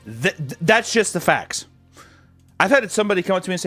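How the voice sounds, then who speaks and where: A young man chatting casually on stream as he reads fan messages, throwing in crude, sarcastic jokes. His voice sits a little high and swings up and down lively, with faint music underneath. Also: fast. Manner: crude, joking, sarcastic asides. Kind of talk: casual chat.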